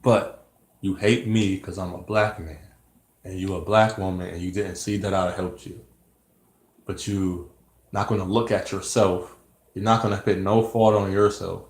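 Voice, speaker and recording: A man's voice: deep voice, fairly even intonation, measured pace, reverberant. A man giving a rambling, earnest personal monologue, preaching about hate, self-reflection and staying positive. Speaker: vlogger.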